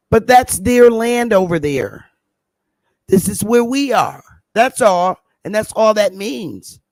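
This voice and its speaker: A middle-aged woman talks straight to her livestream viewers. She is emphatic and drives home her points by repeating them. The sound is close and dry, with no room echo. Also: medium pitch. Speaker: livestream host.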